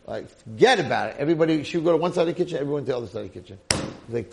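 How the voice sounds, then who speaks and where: A man giving a Torah lecture who tells a story in an animated, colloquial way. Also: a little high, very fast, gravelly, slight background noise.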